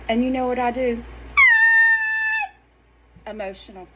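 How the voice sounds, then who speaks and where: A middle-aged woman, talking straight to her viewers in a sassy, animated, emphatic way. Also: mid-range voice, a little slow, muffled recording, very noisy. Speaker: wellness vlogger. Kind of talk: casual direct-to-camera talk.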